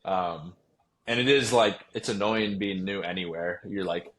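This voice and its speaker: Young man, low-pitched voice, casual interview talk, rambling, lots of likes and ums. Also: measured pace, a bit bright. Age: young adult. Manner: rambling, many fillers and restarts. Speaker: guest, pro baseball player.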